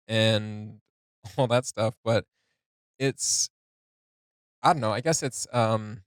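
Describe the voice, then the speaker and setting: A man's voice: mid-range voice, a bit bright, smooth, dry recording, clean studio sound. A man hosting a casual music reaction, talking it through hesitantly with lots of fillers and restarts.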